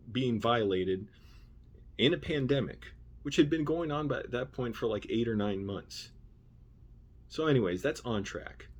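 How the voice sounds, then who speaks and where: A man with a low, husky voice rants about an old job in a casual storytime manner. He is indignant and swears freely, often breaking off into asides. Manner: indignant and profane, trailing off into asides. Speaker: vlogger.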